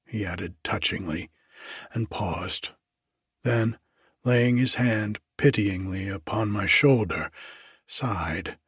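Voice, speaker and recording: A man narrating a classic story in a measured, deliberate reading. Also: on the low side, fairly bright tone, breathy edge, no echo, clean studio sound. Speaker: audiobook narrator.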